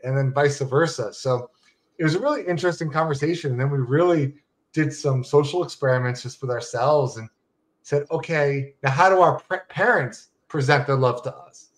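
A man's voice: a little high, normal speed. A man hosting a podcast, chatting in a casual conversational way with rambling asides. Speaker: podcast host. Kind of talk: casual interview chat.

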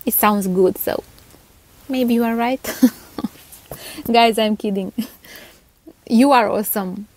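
A woman with a Romanian accent hosts a toy channel, chatting casually while reading viewer comments aloud, letting out little laughs and stumbling over names. Her voice is fairly high and a little mellow, slow-paced with frequent pauses.

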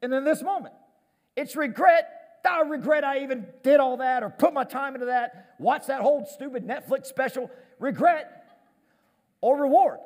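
A man preaching a sermon on stage as pastor, animated and self-deprecating, often repeating words as he gets going. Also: very high voice, moderate pace, in a large hall. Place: church stage.

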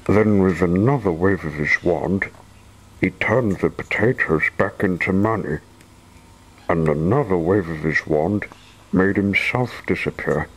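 A man reading a children's storybook aloud with expressive narration. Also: low-pitched, measured pace, slightly rough, low-quality recording.

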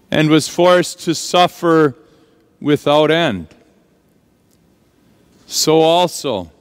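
A man preaching a sermon as pastor, earnest and dramatic, leaning slowly on key words, recorded in a church sanctuary. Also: on the high side, clear, resonant tone. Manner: earnest, dramatic preaching with slow emphatic stresses. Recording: long church reverb.

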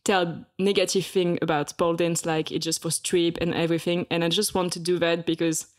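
A young woman with a French accent, chatting as a podcast guest in halting English, searching for words and laughing often. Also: fairly low pitch, flat delivery. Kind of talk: casual interview chat.

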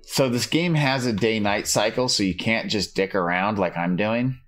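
Brief: relaxed male let's-play streamer, chatty and laughing, deep-ish voice. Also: normal speed, faint music behind. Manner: chatty, laughs often, talks to chat while playing. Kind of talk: casual live gameplay commentary.

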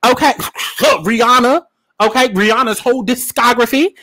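A man's voice: very high-pitched, moderate pace, sharp tone. A man giving casual pop culture commentary in a sassy, profane, emphatic way, repeating lines for punch. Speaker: commentary vlogger.

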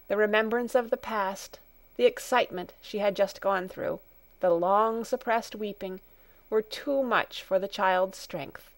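Measured woman reading a storybook. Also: medium pitch, no echo. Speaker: audiobook narrator. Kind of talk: scripted storybook narration.

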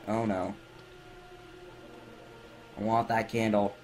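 Young man, let's play commentary, slow drawl, jumpy screams, silly baby talk, computer mic in bed. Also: fairly low pitch, flat delivery, a little mellow, rough recording. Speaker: gamer. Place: in bed at home.

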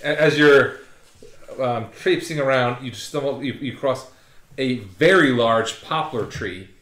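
A man running a tabletop game as game master, narrating haltingly with restarts and chuckles. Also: mid-range voice, fairly bright tone. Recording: echoey room with background noise.

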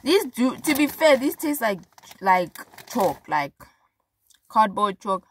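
A woman's voice: a little high, very animated, takes it slowly, husky. A young South African woman vlogging, talking frankly and chattily to her viewers with lots of fillers and emphatic repeats. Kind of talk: casual talk to camera.

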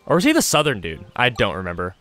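A man commenting on his own Let's Play in a loose, rambling way. His voice swings widely in pitch as he second-guesses himself, with faint game music under him. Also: huge pitch swings, quick pace, fairly bright tone. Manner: rambling, self-mocking, unsure asides. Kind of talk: casual gameplay commentary.

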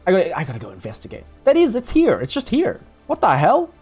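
A young man rambles through gameplay commentary, cracking jokes and swearing. His voice sits a little high and swings widely in pitch. Faint game music plays behind him. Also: huge pitch swings, quick pace, darkish tone, slightly rough. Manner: jokey, rambling, swears and laughs. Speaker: gaming YouTuber.

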